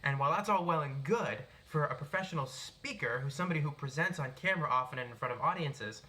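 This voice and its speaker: A young man from Boston talks without a script in a bright, ringing, slightly higher voice. He projects strongly and keeps the delivery animated, with only faint traces of his hometown in a mostly neutral accent. It is recorded on a cell phone in his apartment. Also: quick pace. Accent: neutral American, Boston traces. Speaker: self-help speaker. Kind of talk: unscripted tips video. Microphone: cell phone, no microphone.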